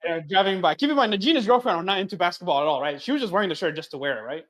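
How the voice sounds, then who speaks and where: Fairly high-voiced young man, relaxed. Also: very fast, crowd noise. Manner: laid-back storyteller, drawls out asides like "right?". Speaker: podcast co-host. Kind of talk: casual chat.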